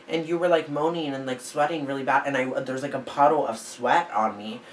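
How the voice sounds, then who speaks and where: A young man, co-host of a podcast, recounts a story in casual chat, rambling and saying "like" over and over. His voice is a little high, steady, and brisk; the recording has room echo, a distant mic, and faint hiss.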